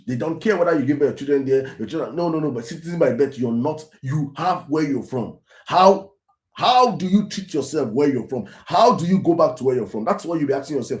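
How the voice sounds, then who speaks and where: A man's voice: on the high side, expressive, a little fast, echoey room. A Nigerian man hosting his own show, giving emphatic commentary that repeats key phrases and slips into Pidgin. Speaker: host. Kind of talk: impassioned commentary.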